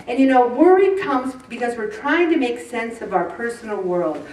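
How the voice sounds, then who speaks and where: A woman in her sixties giving a chatty, self-mocking faith talk to a group and asking them questions. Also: fairly high pitch. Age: 60s. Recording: roomy, distant mic.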